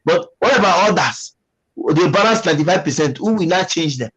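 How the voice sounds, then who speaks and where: A livestream host with a Nigerian English accent chats with viewers in a slightly high, breathy voice that is expressive, brisk and fairly bright. He is preachy and emphatic, repeating his points while reading comments, and the audio quality is poor.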